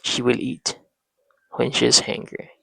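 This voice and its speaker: A man speaks slowly and reflectively, reasoning aloud through pauses and restarts. His voice is heavily gravelly with a husky edge. The sound is dry and close to the mic. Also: medium pitch, little pitch movement, bright, forceful tone, dry recording, rough recording. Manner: talks to himself, pauses and restarts. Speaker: parenting channel host. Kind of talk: slow reflective monologue.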